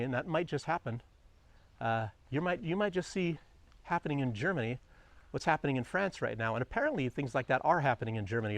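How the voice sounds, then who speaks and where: A man vlogging outdoors on a quiet morning walk, chatting loosely about the news, meandering and often chuckling. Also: mid-range voice, dry recording. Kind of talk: rambling commentary on the news.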